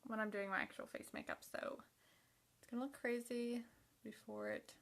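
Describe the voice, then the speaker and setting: A woman's voice: on the high side, steady tone, moderate pace, fairly bright tone. A young woman chatting casually to herself while doing her makeup for a vlog, sometimes dropping to a half-whisper. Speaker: makeup vlogger.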